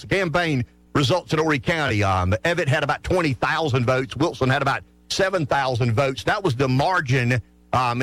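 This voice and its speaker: Lively man in his sixties hosting talk radio. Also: on the high side, dry recording. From South Carolina. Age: 60s. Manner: animated, restarts and repeats words while making a point. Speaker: radio show host.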